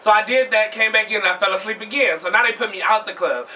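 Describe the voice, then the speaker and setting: Animated profane man telling a story. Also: high voice, quick pace, recorded from a distance. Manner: animated, profane, acts out quoted voices loudly. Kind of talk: storytime vlog.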